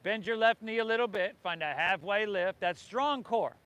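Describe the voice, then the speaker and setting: High-voiced man leading yoga. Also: moderate pace, a bit bright, clean tone, no room sound. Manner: encouraging, calls out cues to the group. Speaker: yoga instructor. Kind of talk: guiding a yoga class. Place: outdoors by the ocean.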